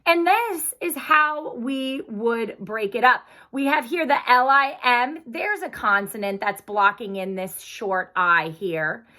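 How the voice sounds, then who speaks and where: Woman teacher, bright, higher voice, slow, clear and encouraging for young pupils. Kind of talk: online phonics lesson.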